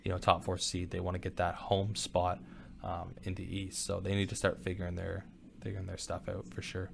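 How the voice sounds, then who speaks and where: Young man, low-ish voice, casual animated sports talk, podcast co-host. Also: a little fast, creaky, background noise. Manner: animated, laughing, slangy.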